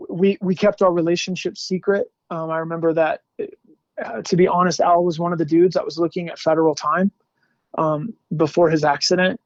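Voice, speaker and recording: A man's voice: fairly high pitch, no echo. Candid slangy man telling his story. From Salt Lake City, USA. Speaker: podcast guest. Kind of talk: personal storytelling. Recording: dull lo-fi dry sound.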